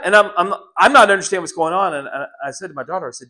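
High-voiced earnest man preaching a sermon. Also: quick pace, hardly any pauses, sharp tone. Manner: earnest, storytelling with repeated restarts.

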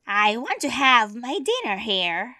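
A woman voicing a menacing old witch who threatens to eat a child, loud and commanding. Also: a little high, very animated, takes it slowly, no echo, studio quality, voice pushed up, heavily acted.

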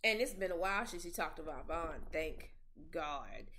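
A young woman hosting a casual commentary chat, outspoken and animated, often stammering and restarting with plenty of slang. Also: low voice, moderate pace, a little hiss or hum. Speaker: podcast host.

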